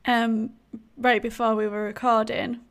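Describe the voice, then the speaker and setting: A woman's voice: on the high side, little pitch movement, unhurried. A woman with a Yorkshire accent chatting casually and giggling easily as a gaming content creator. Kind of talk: casual podcast chat.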